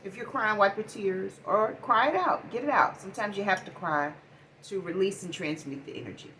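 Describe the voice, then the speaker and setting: A middle-aged woman giving a casual spiritual oracle card reading, talking in a preachy way and swinging between loud bursts and hushed asides. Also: medium pitch, normal speed, slight background noise.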